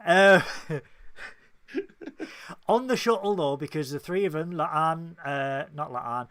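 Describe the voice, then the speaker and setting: Co-host, higher-pitched, dry close sound, acts out lines with gusto. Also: male voice, takes it slowly, dry recording. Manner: animated, acts out character lines, swears freely. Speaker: podcast co-host. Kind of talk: casual review chat.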